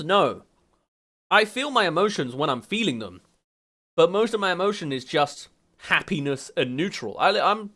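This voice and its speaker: A man's voice: on the high side, a bit bright. A young English man streaming as a VTuber, chatting casually and laughing as he reads quiz questions aloud. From England.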